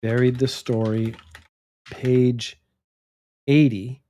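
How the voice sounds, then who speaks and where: A man teaching English vocabulary, thinking aloud and saying words slowly and deliberately to stress the key ones. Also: mid-range voice, steady tone, mellow.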